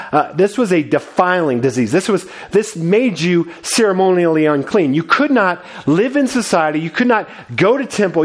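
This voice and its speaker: A man preaching a sermon, telling a scripture story with earnest, dramatic delivery. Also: fairly high pitch. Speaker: pastor.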